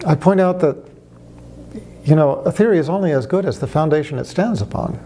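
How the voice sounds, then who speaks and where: An American speaker on religion argues his case to camera in a conversational way, using rhetorical questions and wry stories. His voice is a little high and mellow, his delivery brisk, with a little hiss or hum in the recording.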